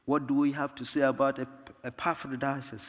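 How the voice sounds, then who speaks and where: A man preaching a sermon in a slow, measured way, pausing to cite verse numbers. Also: medium pitch, little pitch movement, highs cut off. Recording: long reverb of a large hall.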